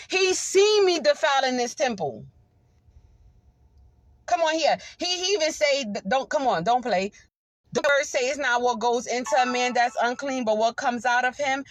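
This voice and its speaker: Woman, high-ish voice, fervent testimony preacher, dry close sound. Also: no echo. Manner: fervent, calls out "come on here" often. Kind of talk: testimony sermon.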